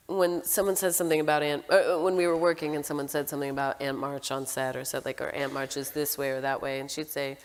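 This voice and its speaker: A woman being interviewed, talking in a halting, enthusiastic way with many restarts. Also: deep voice, in a large hall, slight background noise. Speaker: film director, interview guest. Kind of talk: casual interview talk.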